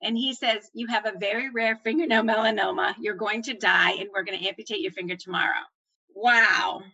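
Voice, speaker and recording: A middle-aged woman telling her own story, acting out the voices of doctors and herself with animated swings of pitch. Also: brisk, creaky, husky, poor audio. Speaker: former nurse manager telling her story. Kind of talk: personal storytelling.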